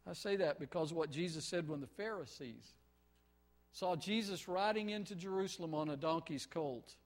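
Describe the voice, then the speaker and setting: A man preaching a sermon with great passion, building to shouts and then dropping to quiet, pleading prayer. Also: a little high, moderate pace. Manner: impassioned, swings from shouting to hushed pleading.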